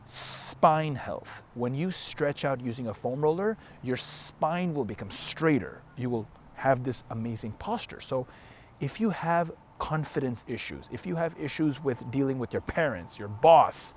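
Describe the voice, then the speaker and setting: A man's voice: mid-range voice, slight background noise. A man giving an emphatic, blunt motivational talk straight to the camera as a fitness coach, with frequent swearing. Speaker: fitness and self-help coach.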